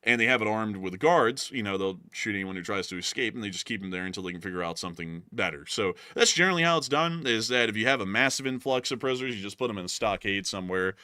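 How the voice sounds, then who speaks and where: A man's voice: lively intonation, bright, forceful tone, no room sound, clean studio sound. A man hosting a live stream and answering super chats casually, with a slightly strained voice and plenty of "uh" fillers. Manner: casual, drawn-out fillers, with sudden pitch jumps. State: voice feels strained. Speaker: show host.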